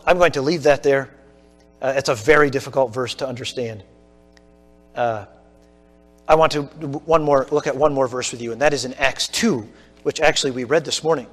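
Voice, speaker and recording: A high-pitched male preacher teaching through a passage in an earnest, explanatory way. His voice carries a long reverb, as in a large church hall. Faint music sits underneath. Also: breathy edge. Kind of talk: teaching sermon.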